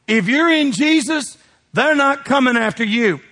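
Husky-voiced preacher in a big hall. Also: male voice, very high-pitched, expressive, unhurried, bright, forceful tone. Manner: emphatic, preachy, calls out to the congregation. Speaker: pastor. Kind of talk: sermon. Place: church sanctuary. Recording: long reverb of a large hall.

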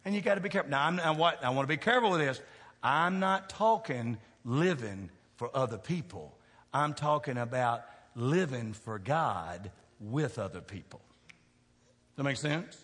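A man preaching a sermon, talking with the crowd in a chatty way, asking questions, going from quiet to loud. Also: medium pitch, animated, moderate pace, husky. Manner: conversational preaching, asks the crowd questions, swings from soft to shouting. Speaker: pastor. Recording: long hall reverb.

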